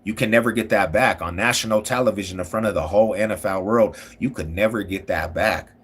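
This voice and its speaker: A man hosting a live stream, talking loud, boastful trash about sports rivals in slangy banter. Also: on the low side, brisk, breathy edge.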